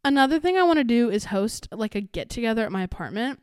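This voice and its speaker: A young woman chats alone on her podcast, wandering from thought to thought and filling gaps with "like" and "you know." Her voice is smooth and clear, and the recording is dry and close. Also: a little high, animated, fast, dry recording. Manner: rambling, chatty, many fillers and restarts. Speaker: podcast host. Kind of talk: casual solo podcast chat.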